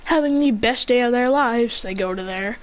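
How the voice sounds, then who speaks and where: A woman telling an improvised fan story with excitement, acting out voices and sound effects. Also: fairly high pitch, normal speed. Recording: dull lo-fi with faint noise.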